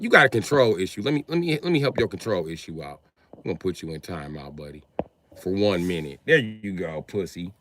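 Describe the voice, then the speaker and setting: A man hosting a livestream, ranting at his chat in a combative, profane way and swinging between yelling and muttering. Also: on the low side, very animated, brisk, dry recording. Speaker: livestream host moderating chat. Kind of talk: heated livestream rant at chat.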